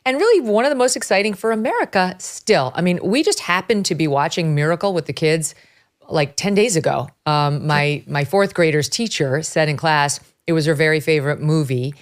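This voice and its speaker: A middle-aged woman from upstate New York hosting a talk show, animated and emphatic, laughing as she talks. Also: deep voice, fairly quick. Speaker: host. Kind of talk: casual conversational commentary.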